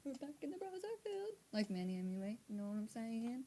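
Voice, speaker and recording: Speaking briskly with a fairly high pitch, a young adult woman recounts a story on a live stream through her computer. She's casual and animated, dropping swear words and acting out what people said.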